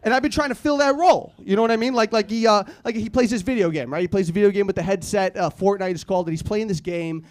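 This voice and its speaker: High-voiced rambling stand-up comedian. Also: male voice, fast talker, hardly any pauses. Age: 30s. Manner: rambling, self-deprecating, acts out quotes. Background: audience laughter.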